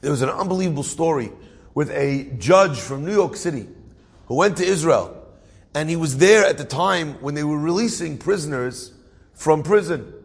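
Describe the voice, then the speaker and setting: A man telling a story in a lively sermon, with asides, acting out voices. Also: on the high side, moderate pace, gravelly, breathy edge, big-room sound. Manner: animated storyteller with asides and laughs.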